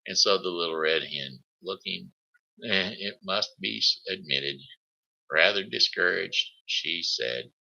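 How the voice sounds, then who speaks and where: A man reading a children's story aloud on his live show, halting, with slips and restarts. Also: sits low, lively intonation, vocal fry, bright, forceful tone, poor audio. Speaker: host.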